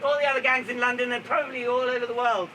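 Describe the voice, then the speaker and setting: A man's voice: very high voice, steady tone, quick pace, bright, forceful tone. A man giving a chatty, theatrical live storytelling performance at an outdoor garden event, often breaking into laughter. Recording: distant, noisy outdoor recording.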